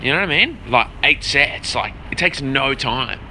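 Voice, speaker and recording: A man from Jordan chatting casually and profanely on a phone livestream, out of breath and rambling as he shouts out viewers by name. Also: mid-range voice, lively intonation, moderate pace, a little hiss or hum. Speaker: vlogger answering live chat. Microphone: phone held at arm's length.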